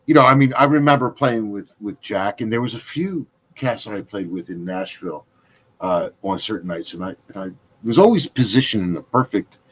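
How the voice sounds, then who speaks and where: Man, low husky voice, lively storytelling, casual chat host. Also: brisk. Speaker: podcast host.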